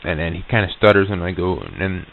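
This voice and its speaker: Man, low voice, halting casual recollection, tinny old tape recording. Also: big pitch swings, vocal fry. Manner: halting, many restarts and fillers. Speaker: interviewee recounting an encounter.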